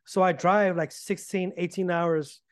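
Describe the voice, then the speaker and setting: A man being interviewed, telling his story in a casual, animated way and acting out the arguments he reports. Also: sits high, measured pace, no echo, clean studio sound. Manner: animated, acts out quoted arguments. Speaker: podcast guest.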